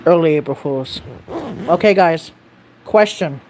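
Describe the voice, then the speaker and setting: A livestreamer in loose, casual chat with a small audience, answering comments. They ramble, stumble over names and restart sentences. They swear offhand and speak at an ordinary, middling pitch. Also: lively intonation, takes it slowly, darkish tone, slight background noise. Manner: rambling, self-correcting, reads viewer comments aloud. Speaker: live streamer answering viewer chat.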